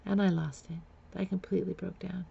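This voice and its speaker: A woman recounts her own past in a candid, confessional way. Her voice sits low and carries a gravelly edge, and the recording sounds dull and lo-fi. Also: level tone, moderate pace. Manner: frank, confessional, blunt. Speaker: memoir storyteller. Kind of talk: candid personal storytelling.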